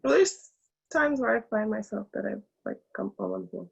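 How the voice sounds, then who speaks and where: A woman's voice: medium pitch, lively intonation, moderate pace, vocal fry, slightly rough, lo-fi sound. A woman on a group coaching call, talking hesitantly with many ums and a slight lisp from her braces.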